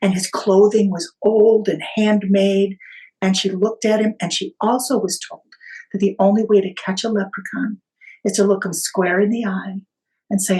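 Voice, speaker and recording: A woman podcast guest retelling a family story in conversation, animated, with small hesitations and restarts. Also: mid-range voice, normal speed, rough recording.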